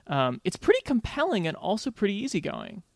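A man's voice: sits high, wildly swooping pitch, fairly quick, vocal fry, no room sound, clean studio sound. A man co-hosting a podcast in casual film discussion, searching for words as he talks. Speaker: podcast co-host.

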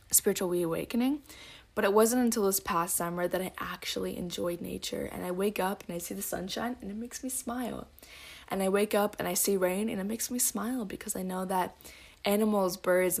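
A woman hosting a casual solo podcast, rambling with lots of "like" and "um" and sometimes slipping into soft, breathy asides. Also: on the low side. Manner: rambling, heavy use of "like" and "um". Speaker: podcast host.

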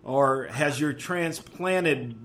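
A man hosting a live sports call-in show, loud, hyped and playful with callers. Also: medium pitch, drawn-out words. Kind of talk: live call-in radio chat.

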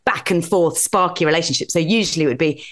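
A British woman in her forties, a podcast guest telling candid personal stories with a self-deprecating, animated manner and frequent laughter. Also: low-pitched, quick pace. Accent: British English. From Britain. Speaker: podcast guest, comedy actress. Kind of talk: candid conversational storytelling.

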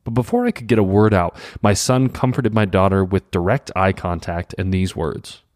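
A middle-aged man reading an article aloud in a calm, measured way, acting out short quoted examples. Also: sits low, no echo, studio quality. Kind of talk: scripted narration.

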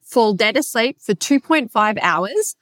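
Brief: Australian woman, podcast host, loud and brash, heavy swearing, lively storyteller, close dry sound. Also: fairly high pitch, unhurried, no room sound. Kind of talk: casual solo podcast monologue.

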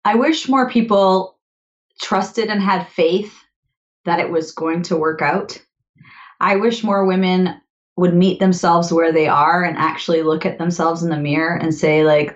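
A woman's voice: on the low side, normal speed, highs cut off. A young adult woman, a podcast guest, talking casually and animatedly, often laughing and acting out her own inner voice. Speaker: podcast guest, author and grief coach. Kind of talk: casual conversational interview.

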